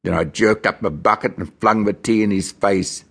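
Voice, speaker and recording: A man from Australia reads a novel aloud in the first person, measured and grim. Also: lowish voice, steady tone, gravelly, fairly bright tone. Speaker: audiobook narrator.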